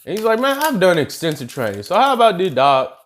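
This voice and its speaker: Young guy YouTuber, slangy casual storyteller, very lively pitch, fairly high voice. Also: quick pace. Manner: slangy, animated, addresses viewers as y'all. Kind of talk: casual anime what-if storytelling.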